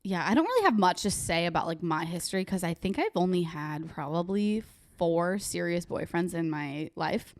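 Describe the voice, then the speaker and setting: A woman in her twenties co-hosting a casual podcast, chatty and teasing, cutting in with quick agreement and jokes. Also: fairly low pitch, expressive. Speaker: podcast co-host. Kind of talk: casual chat.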